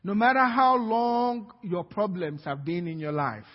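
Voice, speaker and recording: A man preaching a sermon as pastor, telling a story with laughter and rising to shouts. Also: high voice, lively intonation, unhurried. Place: church hall. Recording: dull lo-fi recording in a reverberant church hall.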